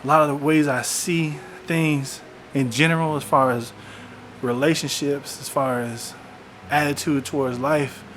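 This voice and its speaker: A man's voice: mid-range voice, steady tone, unhurried, a bit bright, slight background noise. A young man talking candidly in a personal video diary, reflective, often saying "man". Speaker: vlogger documenting his illness. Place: in a parked car. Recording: music playing underneath.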